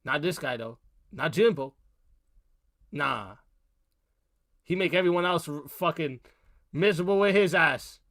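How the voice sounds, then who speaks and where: A man's voice: a little high, a little slow, long pauses, a bit bright, no echo, studio quality. A young man hosting a livestream, ranting bluntly at his chat with heated language and constant cursing. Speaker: livestream host. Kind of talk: profane livestream rant.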